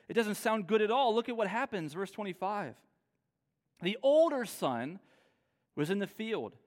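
A man preaching a sermon with earnest emphasis, dropping soft and low, then rising with energy. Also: long reverb tail. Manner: earnest, shifts between soft low lines and raised emphatic ones. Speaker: pastor.

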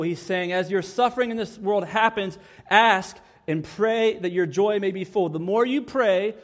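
Higher-voiced man preaching in a reverberant hall. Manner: animated preaching with acted-out voices and jokes. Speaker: pastor. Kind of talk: sermon.

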